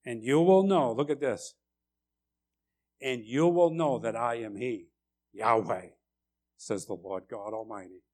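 A man preaching a sermon with passion, swelling loud on key phrases and repeating lines for emphasis. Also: mid-range voice, animated, unhurried.

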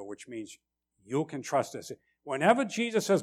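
A man preaching a sermon with passion, swelling loud on key phrases and repeating lines for emphasis. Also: medium pitch, big pitch swings, moderate pace, slightly rough.

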